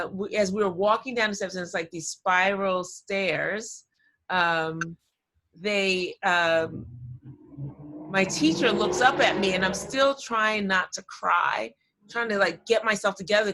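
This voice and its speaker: Chatty woman telling a story on a call. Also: mid-range voice. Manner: animated, chatty, easily sidetracked. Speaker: guest speaker. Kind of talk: storytelling talk to a class. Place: video call.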